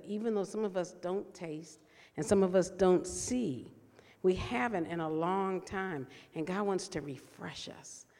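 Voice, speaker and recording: A woman giving a conversational, earnest sermon to a room full of people, slowing down to stress key words. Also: mid-range voice, a little mellow. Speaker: speaker at a church service. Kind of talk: sermon with personal story. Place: large room with an audience. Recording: long reverb of a large hall.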